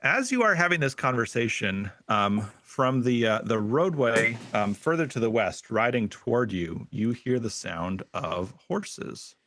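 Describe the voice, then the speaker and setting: A man narrating a tabletop game as game master, halting and full of fillers. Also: mid-range voice, animated, a bit bright. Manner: halting, with many fillers and restarts.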